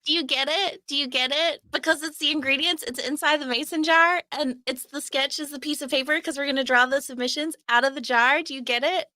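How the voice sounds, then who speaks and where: A woman co-hosting a casual live chat, telling animated stories and laughing often. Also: sits high, brisk, few pauses, no echo. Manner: animated, giggly storyteller. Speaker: show co-host.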